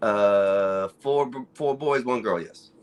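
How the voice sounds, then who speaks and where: A man's voice: lowish voice, slow pace, slight background noise. A man hosting a casual stream, rambling and joking about his family. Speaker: streamer host. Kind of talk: casual chat.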